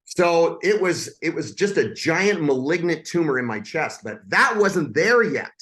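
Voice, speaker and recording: A man's voice: fairly high pitch, big pitch swings, measured pace, fairly bright tone. A man in his forties, a podcast guest, telling a personal story in a blunt, intense and profane way.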